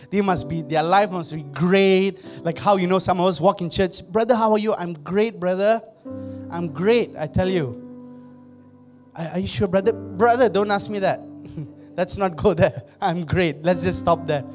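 Male pastor, high voice, chatty sermon, soft music underneath. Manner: conversational, laughs often, acts out quotes. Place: church.

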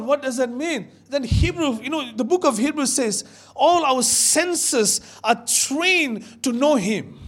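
High-voiced young guy preaching, emphatic, keeps repeating himself and calling out to the church. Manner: animated, emphatic, repeats words, calls out to the congregation. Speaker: pastor. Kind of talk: sermon with storytelling.

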